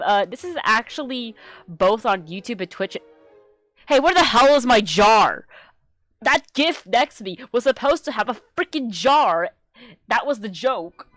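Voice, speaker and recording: A woman chatting casually on a live stream, rambling and excitable, swearing freely and getting loud when worked up. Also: a little high, dry recording. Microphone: desk microphone she adjusts.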